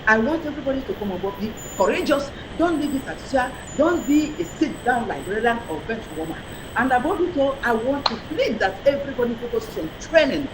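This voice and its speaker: Woman, fervent preacherly speaker, lively swinging pitch, repeats phrases, video call, traffic noise behind. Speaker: webinar speaker. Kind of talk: exhortation.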